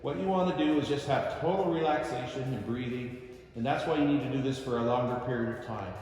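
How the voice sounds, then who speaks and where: A man teaching karate stretches, explaining each step calmly and counting slowly through the holds. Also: medium pitch. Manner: calm step-by-step coaching, counts slowly while holding a stretch. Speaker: karate instructor. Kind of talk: instructional demonstration. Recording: very echoey long-reverb room.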